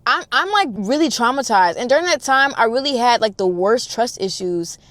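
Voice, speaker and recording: A young woman telling a personal story in casual chat. She is animated and slangy, talks straight to her listeners, and swings between loud exclamations and hushed low asides. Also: moderate pace, no room sound. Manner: addresses listeners directly, slangy and profane.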